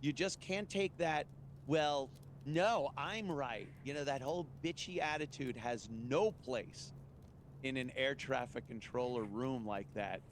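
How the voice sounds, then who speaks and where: A man's voice: medium pitch, a little slow, a little hiss or hum. Male host in casual chat: blunt, emphatic, crude. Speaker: podcast host.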